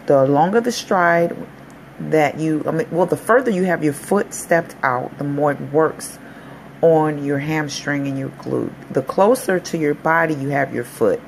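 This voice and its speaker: A woman's voice: sits low, measured pace, vocal fry, slight background noise. A woman personal trainer in a casual fitness vlog, explaining exercises in an upbeat, encouraging way.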